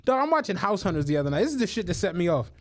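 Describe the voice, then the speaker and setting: A man co-hosting a podcast, telling stories in casual chat, animated and full of swearing and laughter. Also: high voice, racing. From United States. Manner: animated storytelling, swears a lot, laughs often. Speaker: podcast co-host.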